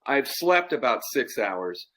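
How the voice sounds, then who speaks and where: A middle-aged man with a bright, lively voice tells a rambling anecdote in casual podcast chat. His pitch swings widely as he acts out the story, and he often laughs along with it. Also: takes it slowly. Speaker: podcast co-host.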